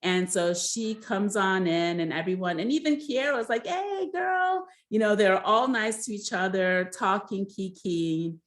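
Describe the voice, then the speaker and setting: A woman's voice: medium pitch, measured pace, few pauses. A woman casually recapping a reality show episode, rambling with many fillers and giving blunt, gossipy opinions.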